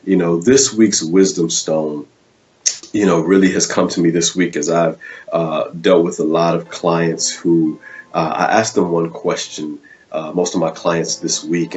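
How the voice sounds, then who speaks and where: A man's voice: low voice, darkish tone. A man hosting a live online show as a life coach, casual with many fillers, rising into fervent preaching. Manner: rises into fervent preaching cadence.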